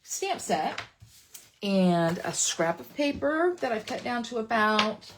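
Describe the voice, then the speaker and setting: A woman leading a casual live papercraft demo, chatty, playful and excitable, often dropping into gushing whispers. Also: medium pitch, takes it slowly, slight background noise. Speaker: papercraft demonstrator.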